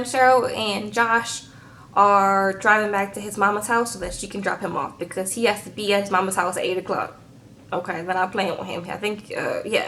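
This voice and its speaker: A woman's voice: medium pitch, fairly bright tone, rough recording. A woman recapping a reality show in a casual vlog, sassy and chatty, tagging her lines with "okay?" and "girl".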